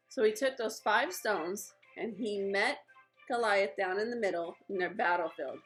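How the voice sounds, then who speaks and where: A young woman teaching children in a lively, chatty way, retelling a Bible story and acting out the characters' lines. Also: medium pitch, moderate pace, soft background music, poor audio. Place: at home.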